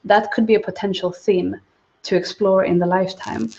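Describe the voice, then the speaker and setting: Gravelly-voiced woman teaching, lo-fi audio. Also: mid-range voice, steady tone, normal speed, darkish tone. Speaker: spiritual teacher. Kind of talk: livestreamed teaching talk. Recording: dull lo-fi livestream audio.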